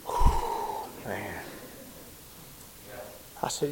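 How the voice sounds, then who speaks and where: A man preaching, telling a personal story in a sermon, animated and shouting at the big moments. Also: moderate pace, slight background noise. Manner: animated storyteller, shouts at high points, drops low and quiet when somber.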